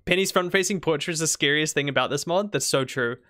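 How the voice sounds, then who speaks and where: A young woman with a mild New Zealand accent talks casually on a gaming livestream. She rambles, restarts her sentences and teases her viewers in a relaxed, chatty way. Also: low-pitched, fast talker. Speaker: streamer.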